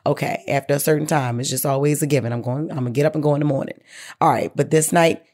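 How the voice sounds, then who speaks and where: This host reads out listener letters and then answers them bluntly, swearing often and leaning hard on the key points. The voice sits at an ordinary middle pitch. The host speaks to the listener directly, calling her baby girl. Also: steady tone, quick pace, darkish tone. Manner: blunt, profane, emphatic. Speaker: advice show host. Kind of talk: reading a listener letter and giving advice.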